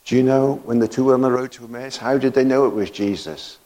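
An older man preaching a sermon, slow and emphatic, with rising exclamations and bursts of laughter. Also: mid-range voice, dark tone.

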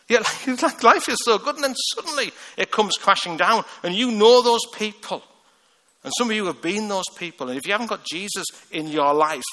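A man's voice: fairly high pitch, sharp tone. A man from the north of England, preaching a humorous, conversational sermon and laughing at his own jokes. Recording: echoey hall with long reverb.

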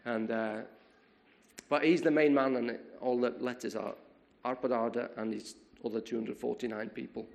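A man preaching a sermon, retelling a story in a lively way, often repeating words and restarting his sentences. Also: medium pitch, moderate pace, creaky.

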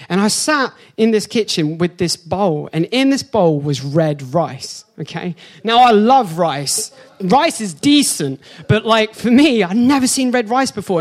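A man, preaching a sermon and telling personal stories with animated, jokey reactions. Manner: animated storyteller, jumps into high excited voice for his own reactions; slows down and softens for the spiritual point. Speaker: pastor.

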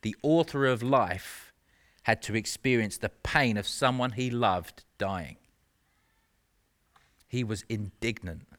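Earnest low-voiced man preaching. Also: takes it slowly, long pauses, fairly bright tone. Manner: earnest, conversational, with self-mocking asides. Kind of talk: sermon.

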